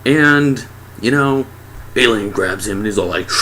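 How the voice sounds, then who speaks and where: A man's voice: medium pitch, animated, normal speed, a bit bright, slight background noise. A sarcastic young man giving a casual, mocking movie review.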